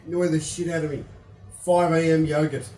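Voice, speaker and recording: A young Australian man does a rambling, self-deprecating stand-up set full of swearing, his voice a little high and darkish, level in tone and a little fast. He's at a comedy venue with a live audience, picked up from a distance in an echoey room.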